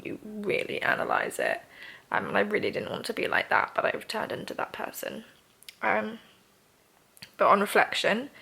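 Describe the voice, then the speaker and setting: A woman's voice: mid-range voice, vocal fry, sharp tone. A young woman talking casually in a video diary, nasal and congested, chatty and emotional. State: congested, nasal after surgery. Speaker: vlogger.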